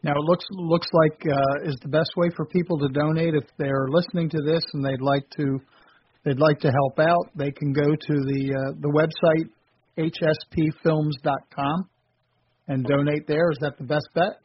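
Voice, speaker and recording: A husky man co-hosting a radio interview, friendly and a bit halting. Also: a little high, fairly even intonation. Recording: dull radio audio.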